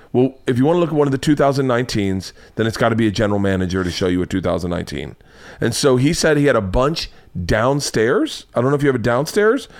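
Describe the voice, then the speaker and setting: A man chatting on a podcast, telling profane stories and acting out the dialogue. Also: mid-range voice. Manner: profane, fast-moving anecdotes with acted-out dialogue. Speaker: podcast guest, husband of the host. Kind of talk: casual chat, animated storytelling.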